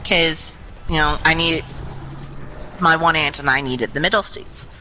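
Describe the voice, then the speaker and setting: A young adult woman casually telling a long, rambling story over game voice chat, chatty and animated, swearing freely. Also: low-pitched, a little slow, a little hiss or hum, poor audio. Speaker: gaming group member. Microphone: headset or desk mic in online voice chat.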